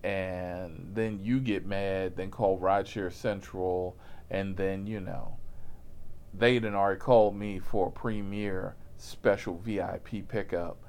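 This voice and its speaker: A man's voice: low-pitched, fairly even intonation, unhurried, a little mellow. A man telling a profane, comic story about his rideshare job in a casual voice, laughing at himself as he goes.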